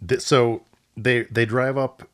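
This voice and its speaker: A man's voice: medium pitch, little pitch movement, slow pace. A man co-hosting a casual movie podcast, laid-back and a bit hesitant, swearing casually as he recaps the plot. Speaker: podcast co-host.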